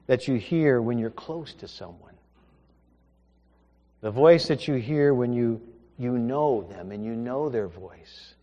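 A man preaching a sermon, retelling a scripture story with rhetorical questions, moving between hushed asides and emphatic passages. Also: medium pitch. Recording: echoey hall with long reverb.

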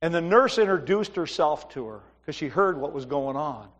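Storytelling pastor, high voice, reverberant hall. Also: male voice, moderate pace, lo-fi sound. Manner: storytelling, conversational, animated asides. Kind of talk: sermon.

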